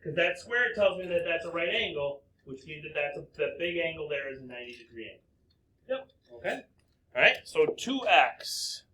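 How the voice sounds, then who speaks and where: A man's voice: a little high, bright, forceful tone. A man teaching a recorded math lesson, working through problems step by step and asking himself questions aloud before answering them.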